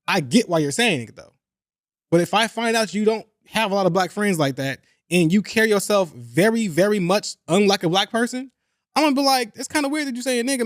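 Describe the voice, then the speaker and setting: Young male podcast host, high-pitched, animated and blunt, dry close mic. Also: no room sound. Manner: animated, profane, repeats himself for emphasis. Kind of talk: casual chat.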